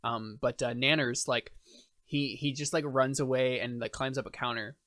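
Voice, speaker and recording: A man's voice: mid-range voice, steady tone, normal speed, fairly bright tone, no room sound, clean studio sound. A man narrating a tabletop game as game master, rambling with many fillers.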